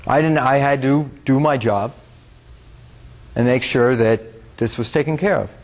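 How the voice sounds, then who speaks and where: A young man from the United States giving a public talk as a guest speaker. He tells a story in an earnest, conversational way, speaks straight to the audience and often fills pauses with "uh". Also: mid-range voice. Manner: earnest, conversational, talks to the audience directly, with frequent fillers.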